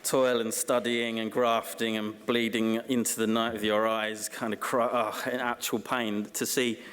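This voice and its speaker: A man giving a comic, self-deprecating acceptance speech at a graduation ceremony, dry and halting with ums. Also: fairly low pitch, little pitch movement, fairly bright tone. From Essex, England. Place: large graduation ceremony hall. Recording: long hall reverb.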